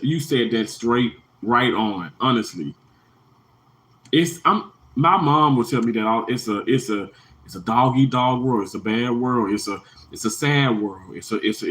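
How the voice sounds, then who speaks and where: The recording is low-quality, and the man's voice comes across a bit bright as he hosts an emotional livestream. He rambles sincerely to his viewers, repeating himself, with his pitch jumping high when he presses a point.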